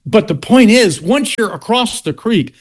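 A man's voice: high voice, animated, measured pace. An older man from South Carolina with a Southern US accent, a history teacher explaining his argument in an interview with restarts and pointed asides.

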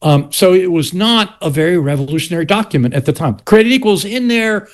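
A man's voice: sits high, lively intonation, a little fast. An older man from South Carolina with a Southern US accent, a history teacher explaining his argument in an interview with restarts and pointed asides.

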